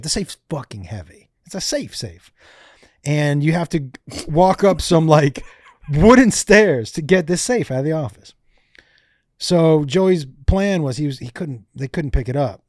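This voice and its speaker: A man who is a comedian guest on a podcast, telling animated, profane stories in casual chat. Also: on the high side, dry recording, clean studio sound.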